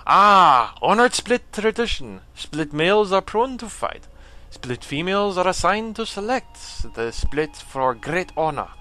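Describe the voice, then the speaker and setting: A man's voice: high-pitched, big pitch swings, a little slow, bright, forceful tone, voice pushed up, heavily acted. A man voicing a brusque male alien trade agent in game dialogue, in a strained, harsh put-on voice with clipped, proud warrior speech. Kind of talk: game dialogue read-aloud.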